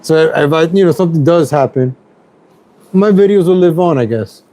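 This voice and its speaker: A man's voice: on the high side, lively intonation, fairly quick, mellow, poor audio. A middle-aged man ranting on a casual home stream, rambling and repeating himself, angry at everything. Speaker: YouTube streamer. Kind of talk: casual political rant stream.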